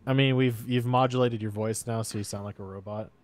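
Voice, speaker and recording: A man's voice: lowish voice, steady tone, fairly quick, faint music behind. A man hosting a casual podcast over a voice-chat call from home, joking and laughing often at his own mishaps. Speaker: podcast host.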